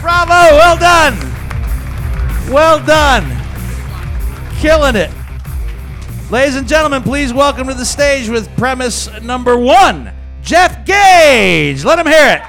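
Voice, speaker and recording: A man emceeing a comedy show, loudly hyping the crowd and introducing the next act. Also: very high voice, animated, slow, long pauses, soft background music. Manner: loud, hyped introductions. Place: comedy club stage.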